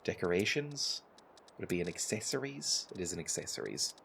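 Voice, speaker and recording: A man's voice: low voice, very animated, a little fast, vocal fry, a bit bright, a little hiss or hum. A man chatting casually over a game, rambling and laughing often at his own asides, with music playing behind him. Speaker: gameplay video creator. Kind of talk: casual gameplay commentary. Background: background music.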